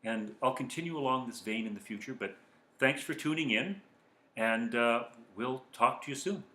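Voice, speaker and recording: A man giving calm, earnest self-help advice as a coach speaking to viewers. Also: mid-range voice, moderate pace. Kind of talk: motivational talk to viewers. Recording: echoey room.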